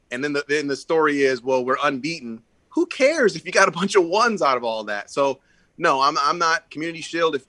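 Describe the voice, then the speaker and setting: A man's voice: on the high side, sharp tone. A man co-hosting a casual sports podcast, opinionated, leaning on "I think" and lots of fillers. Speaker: podcast co-host.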